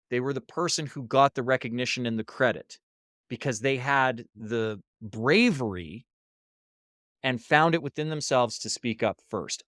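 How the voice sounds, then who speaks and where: A man's voice: medium pitch, no room sound, clean studio sound. A man telling a story as a podcast guest and talking about leadership workshops, acting out the voices of the people in it. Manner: animated storyteller, acts out quoted voices. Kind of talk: casual interview storytelling. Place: hostel room.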